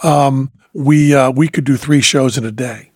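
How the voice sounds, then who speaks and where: A man's voice: mid-range voice, steady tone, measured pace, slightly rough, dry recording, studio quality. A man hosting a podcast, telling stories in a reflective way with many fillers and restarts. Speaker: podcast host. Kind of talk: casual conversation.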